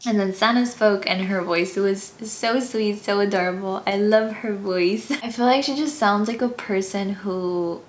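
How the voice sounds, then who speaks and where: Young woman, from Texas, casual chatty vlog, gushing, giggly, mid pitch, faint background hiss. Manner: gushing, giggly, quotes people in little voices. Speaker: vlogger.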